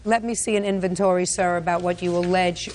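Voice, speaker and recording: A woman's voice: fairly low pitch, fairly even intonation, brisk, a little mellow. A woman presiding as a television court judge, questioning the parties bluntly and scolding them as she cuts in.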